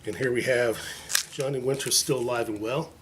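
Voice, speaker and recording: Background noise sits behind a man with a mid-range voice, fairly even intonation, and a moderate pace. He's a vinyl collector vlogger chatting casually as he shows his viewers his records, rambling, joking about himself, and using lots of fillers.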